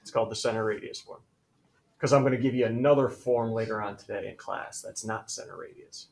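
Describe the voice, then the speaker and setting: A male math teacher lecturing a classroom, energetic and jokey, calling on students by name. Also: fairly high pitch, fairly quick. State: out of breath.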